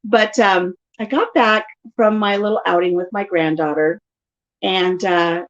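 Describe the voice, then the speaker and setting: A middle-aged woman casually telling stories in an animated way during a live chat at home. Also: medium pitch, unhurried, lo-fi sound. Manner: chatty, animated storytelling. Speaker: vlogger.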